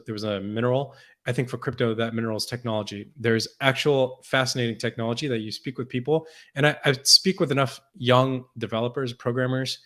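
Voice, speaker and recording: A man's voice: medium pitch, a bit bright. Man talking with frequent restarts. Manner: thoughtful, many restarts and repeated words. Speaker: podcast guest. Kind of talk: conversational interview.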